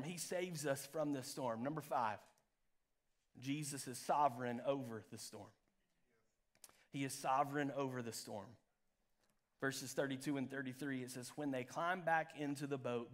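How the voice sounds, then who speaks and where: A man preaching a live church sermon as pastor, swinging from loud peaks to hushed lows. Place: church sanctuary.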